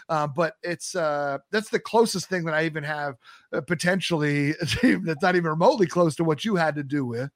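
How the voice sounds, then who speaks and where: A man with a New York accent and a slightly high voice hosts a casual chat, wry and quick to poke fun at himself. The recording is dry, with little room sound. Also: lively intonation, no room sound. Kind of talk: casual conversation.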